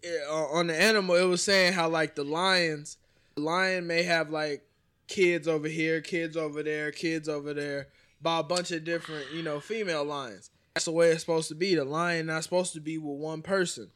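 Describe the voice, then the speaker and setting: Guy riffing loud and profane on a podcast, voice a bit high. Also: moderate pace. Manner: animated, profane banter. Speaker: podcast co-host. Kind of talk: casual chat.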